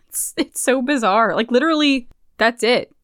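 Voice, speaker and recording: A woman in her thirties co-hosting a podcast, recapping a game in animated, profane storytelling. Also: fairly high pitch, unhurried, no echo, clean studio sound. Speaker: podcast co-host. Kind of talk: casual game recap chat.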